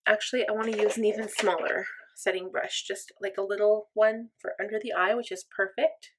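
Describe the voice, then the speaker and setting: A woman's voice: medium pitch, fairly even intonation, fairly quick, a bit bright. A young woman chatting through a makeup tutorial in an upbeat, chatty, self-deprecating way. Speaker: makeup vlogger. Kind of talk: casual makeup tutorial chat.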